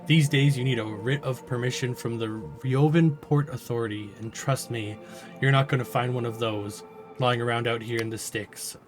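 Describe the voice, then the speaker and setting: A man's voice: medium pitch, fairly even intonation, normal speed, music in the background, lightly acted. A jaded dock guild officer woman with a sarcastic edge, fond of swearing, as a man reads her lines. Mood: exasperated.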